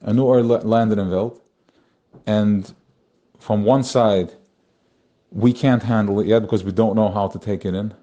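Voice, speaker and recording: Low, mellow-voiced man giving a Torah talk. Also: steady tone, a little slow, long pauses, dull audio. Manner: spiritual, searching, repeats phrases. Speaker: Torah teacher.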